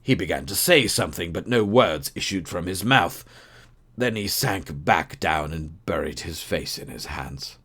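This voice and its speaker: Male audiobook narrator, deep low voice, measured storytelling, expressive. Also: breathy edge.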